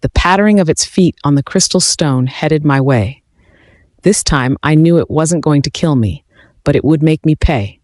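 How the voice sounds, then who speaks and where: A man reading a first-person fantasy story aloud in an even, steady narration. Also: on the high side, normal speed, no echo, clean studio sound.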